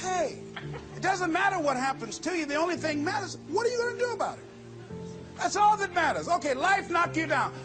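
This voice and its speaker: A man's voice: very high-pitched, sing-song, brisk. A man giving a motivational speech to a live audience, blunt and wry. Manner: blunt, plain-spoken, wry. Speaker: motivational speaker. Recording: live audience recording with music over it.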